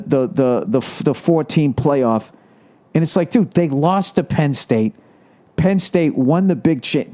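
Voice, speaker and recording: A man riffs through a solo podcast rant, cursing constantly with a sarcastic edge. His voice has a warm, dark tone, and he sounds riled up. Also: medium pitch. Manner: profane, ranting, sarcastic; riled up about sports. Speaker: podcast host.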